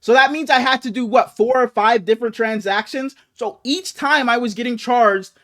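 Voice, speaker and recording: A young man co-hosting a podcast, telling a long story in a casual, animated way, swearing freely. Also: very high-pitched, normal speed. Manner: animated, profane storytelling with acted quotes. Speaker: podcast co-host.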